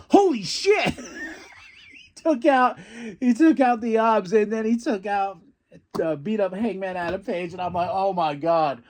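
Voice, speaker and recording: A man hosting a podcast, giving an excited casual recap, animated and swearing, with bursts of yelling when thrilled. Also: sits high. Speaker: podcast host recapping wrestling.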